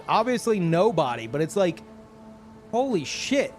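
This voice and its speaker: A man streaming live in casual chat, ranting in an animated and profane way. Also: sits high, a little slow, long pauses, soft background music.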